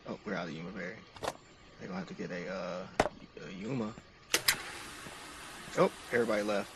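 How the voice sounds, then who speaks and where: A man's voice: low voice, fairly even intonation, a little fast, pauses often, recorded from a distance, very noisy. A man narrating each step of a game to his stream chat in an upbeat, casual way.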